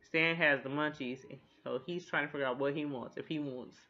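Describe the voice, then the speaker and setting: A lively man recaps a TV episode in a loose, chatty way and drops the odd swear word. His voice sits a bit high and sounds bright and forceful. The recording is dull and lo-fi. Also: fairly quick. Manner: animated, chatty, swears, laughs at jokes. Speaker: TV recap host.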